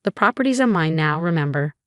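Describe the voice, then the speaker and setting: Woman reading a drama story, lowish voice, steady tone, dry close sound. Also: fast, dry recording. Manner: steady storytelling, quoting each character in the same voice. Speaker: narrator. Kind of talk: scripted first-person story narration.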